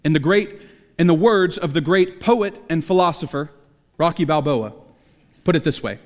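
A man's voice: on the high side, normal speed, in a large hall. A man preaching a sermon in a conversational way, with jokey asides. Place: church sanctuary.

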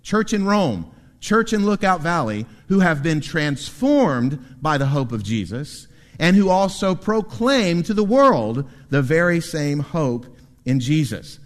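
Male pastor, sermon delivery, lively and expressive, recorded with long church-hall reverb. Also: fairly high pitch, measured pace. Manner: animated preaching with asides to the congregation. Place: church sanctuary.

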